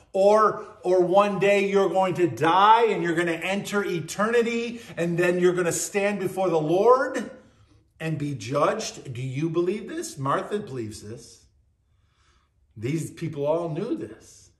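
Earnest high-voiced male preacher. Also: reverberant. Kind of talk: sermon.

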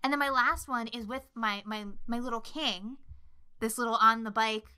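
A woman co-hosting a casual movie podcast, her voice very bright and higher than most. She talks in a smooth, clear tone, swears freely and throws herself into acting out the lines she quotes. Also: normal speed. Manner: swears a lot, animated retelling with quoted lines. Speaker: podcast co-host. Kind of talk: casual chat about movies.

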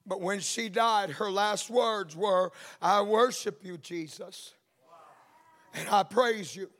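A man preaching a sermon, full of amens and hallelujahs, building into shouted, sing-song exhortation. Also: high voice, big-room sound.

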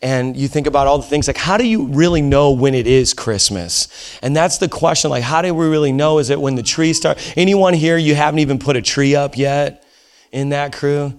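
A man preaching as a pastor to a live congregation, telling stories in an animated way and acting out quotes. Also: a little high, normal speed, smooth. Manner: animated storytelling with laughs and acted-out quotes. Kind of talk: sermon. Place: church service with a live audience.

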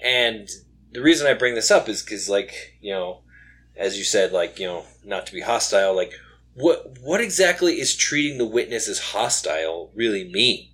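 A man's voice: on the low side, animated, normal speed, a bit bright, husky. A young man co-hosting a casual late-night podcast, rambling with lots of fillers and restarts, a little tired. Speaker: podcast co-host.

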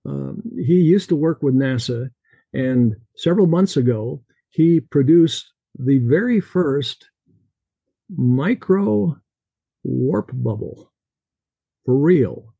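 A man's voice: mid-range voice, lively intonation, slow pace, gravelly, slightly rough, no room sound, narrow, tinny audio. A man, an author, reading from his novel and then talking in an interview over a video call.

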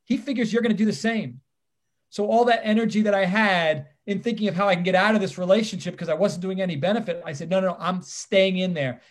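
A man in his fifties, a lawyer and guest, telling personal stories with animated, emphatic delivery and acted-out dialogue. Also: high voice, quick pace, few pauses. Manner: animated, emphatic storyteller who acts out the dialogue. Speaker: guest, criminal defense attorney. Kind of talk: personal storytelling in conversation.

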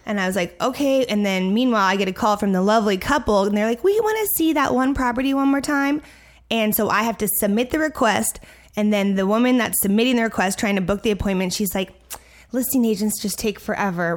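A young adult woman co-hosting a podcast tells a story in casual chat at a quick pace, her voice medium in pitch. She's animated and acts out the voices of the people she quotes.

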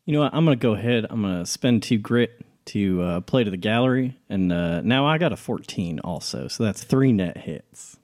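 A man's voice: fairly low pitch, animated, moderate pace, few pauses, a little mellow. A man playing a tabletop game, talking in character as a folksy, joking outlaw. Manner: folksy drawling outlaw talk, jokey. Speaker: player.

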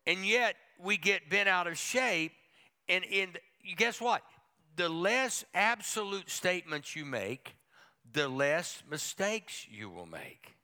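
A man's voice: sits high, very animated, slow pace, sharp tone. A middle-aged man, a pastor, preaching a folksy and humorous sermon with playful asides to the congregation.

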